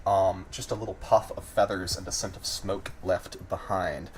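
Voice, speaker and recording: A man narrating as game master, describing scenes in a lively way and prompting players. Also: low voice, moderate pace, a little hiss or hum, low-quality recording.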